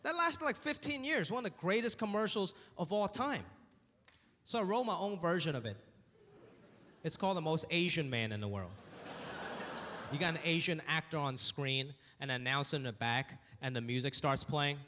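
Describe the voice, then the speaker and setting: A man doing a stand-up comedy set, telling stories in an animated way and acting out voices. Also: on the high side, moderate pace, slight background noise. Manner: animated storytelling with acted voices. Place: theater stage with live audience. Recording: roomy hall with crowd laughter. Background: audience laughing.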